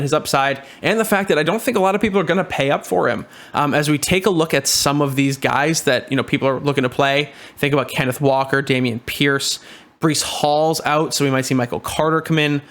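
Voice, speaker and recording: A man's voice: on the high side, fairly bright tone. A young man giving casual fantasy football commentary, talking loosely with lots of ums, uhs and restarts. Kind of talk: casual screen-share commentary.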